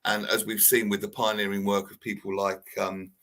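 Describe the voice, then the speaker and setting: Low-pitched male radio co-host, earnest reflective summaries, thoughtful pauses. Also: level tone, a bit bright, slight background noise. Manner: earnest, reflective, with filler ums. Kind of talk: casual radio chat with wrap-up summary. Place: radio studio.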